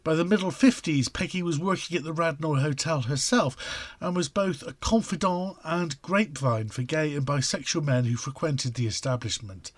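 A man co-hosting a radio show who reads the news bulletin at a measured, steady pace. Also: fairly high pitch, no echo. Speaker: radio co-host and newsreader. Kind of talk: casual chat and read news bulletin.

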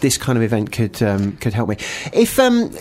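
A man's voice: medium pitch, huge pitch swings, normal speed, darkish tone. A man presenting a community radio show, chatty and repeating words as he goes. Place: small community radio studio.

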